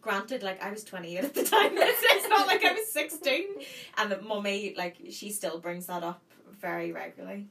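A woman in her thirties with a Northern Irish accent, telling a story in casual chat and acting out the quotes with lively energy. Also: medium pitch, normal speed. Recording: distant mic with faint noise.

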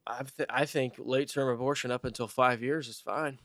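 A man's voice: medium pitch, fairly even intonation, moderate pace, a bit bright, no echo. A man chatting casually on a podcast, telling stories and acting out his coworkers' lines with lots of swearing. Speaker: podcast host. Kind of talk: casual chat, storytelling.

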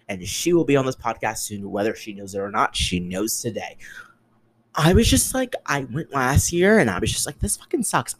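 A young man hosts his own podcast and rants alone at the mic. His pitch leaps up and down in a very lively way. He sounds exasperated and sarcastic, swears freely, and swings between loud outbursts and muttered asides. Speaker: podcast host. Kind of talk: solo podcast rant.

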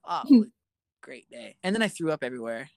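Young male co-host, animated storyteller who laughs at himself, close and dry. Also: fairly high pitch, quick pace, gravelly, dry recording. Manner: self-mocking, animated storyteller. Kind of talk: casual chat.

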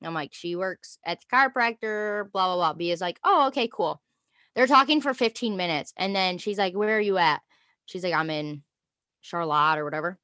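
A young woman co-hosting a casual chat, telling an animated story and acting out quotes with frequent laughter. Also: on the low side, moderate pace, no echo, studio quality. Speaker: podcast co-host.

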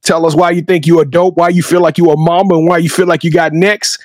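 High-voiced hype man podcast host. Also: flat delivery, quick pace, darkish tone, no echo, studio quality. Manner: effusive, slangy hype talk. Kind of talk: casual hype chat.

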